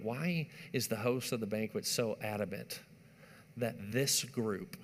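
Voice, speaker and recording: A man preaching a sermon, with emphatic rises and hushed drops as he makes his points. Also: lowish voice, measured pace. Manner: emphatic preaching, rising and dropping to a hush. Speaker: pastor. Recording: long hall reverb.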